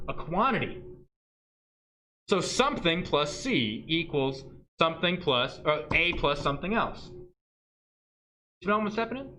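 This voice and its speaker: A man's voice: sits high, pushed and bright. A male math teacher giving a livestreamed lesson in a joking way, often checking in with "right?". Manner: joking, asks "right?" constantly.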